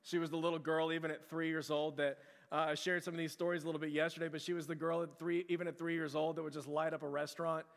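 A pastor gives an earnest, conversational sermon to his church in the sanctuary, often stumbling over fillers and restarts. His voice is fairly high, creaky, and flat, delivered at a quick pace under long hall reverb.

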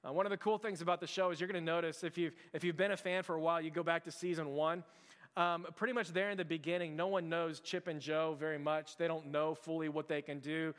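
Fast-talking pastor with hall reverb. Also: male voice, fairly high pitch, steady tone, fairly bright tone, clear, resonant tone. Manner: chatty, heavy use of "like" and restarts. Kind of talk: casual conversational sermon. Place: church sanctuary.

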